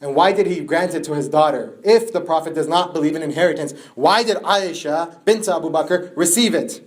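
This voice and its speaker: A young male lecturer speaks to a youth gathering in a fairly high voice. He tells his story plainly at first, then climbs into a high, tearful lament as the lecture builds. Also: a little fast. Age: young adult. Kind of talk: religious lecture.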